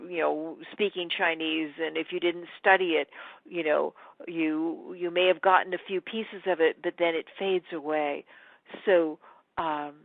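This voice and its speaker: A woman teaching in a webinar, an animated storyteller who acts out the quotes. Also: lowish voice, dry recording, phone-quality sound. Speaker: spiritual teacher.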